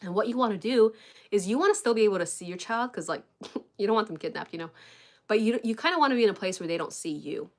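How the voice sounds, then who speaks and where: A young woman talks through parenting advice in an easygoing, rambling livestream chat. She leans on fillers and homey address to her viewers, with a medium-pitched voice. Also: animated, fast. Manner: chatty, filler-heavy, says "y'all" and "like" often. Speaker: parenting coach. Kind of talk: casual chat to camera. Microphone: live stream webcam.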